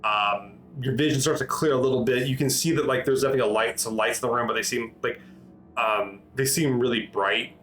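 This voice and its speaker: A man's voice: mid-range voice, a little fast, fairly bright tone, low-quality recording. A man narrating as game master in a rambling way, with many restarts and fillers, over faint music.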